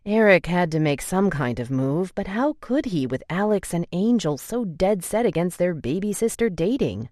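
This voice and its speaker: A woman narrating a romance audiobook in an expressive storytelling style. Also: on the low side, moderate pace, few pauses, dry recording, clean studio sound. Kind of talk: scripted narration.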